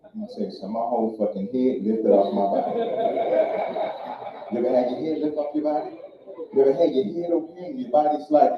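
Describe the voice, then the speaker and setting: A man from Louisiana works a stand-up set in a loose, profane storytelling style. His voice sits a little high and carries a heavy echo. It sounds dull and far from the mic, with faint room noise behind it. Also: quick pace. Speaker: stand-up comedian. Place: comedy club stage.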